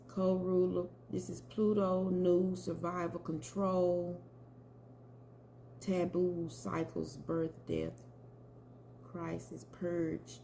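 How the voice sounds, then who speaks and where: Woman, tarot reader, chatty, unhurried delivery, lowish voice, faint background hiss. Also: level tone, vocal fry, dark tone. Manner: chatty, addresses viewers as y'all. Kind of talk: casual commentary and tarot reading.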